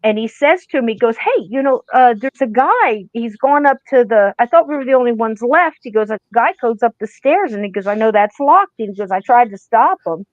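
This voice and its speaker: A fairly high-voiced woman retells a story in a chatty, animated podcast style, jumping into the voices of the people in it. The sound is close and dry, with dull, muffled highs. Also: fairly quick, hardly any pauses, no room sound. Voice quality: animated, acts out quoted voices. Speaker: podcast co-host. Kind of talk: casual storytelling chat.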